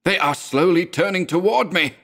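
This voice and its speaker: A man voicing a terrified, drug-haunted man in a storybook reading, who swings between shrieks and moaning, hoarse whispers. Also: low-pitched, expressive, measured pace, a bit bright. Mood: shrieking terror.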